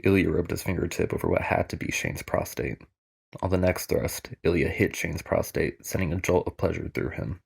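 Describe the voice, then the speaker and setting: A man doing an impression of a male audiobook narrator reading a steamy scene slowly and softly. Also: deep voice, vocal fry, husky, exaggerated voice. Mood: hushed.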